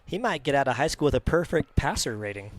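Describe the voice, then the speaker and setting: A man giving color commentary on a high school football game in a relaxed, analytical way. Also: fast, slight background noise.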